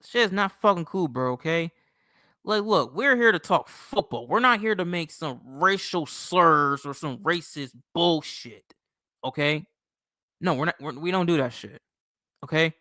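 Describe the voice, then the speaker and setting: A man's voice: on the high side, animated, measured pace, sharp tone, no echo, studio quality. A young man hosting his own sports channel, ranting casually with lots of swearing, often tagging "bro" and "okay". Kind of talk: casual profane sports rant.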